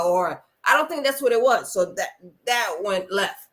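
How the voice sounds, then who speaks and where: A woman co-hosting a casual reality TV recap, animated and acting out what people said. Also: medium pitch, normal speed. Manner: animated, acts out quotes. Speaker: podcast co-host.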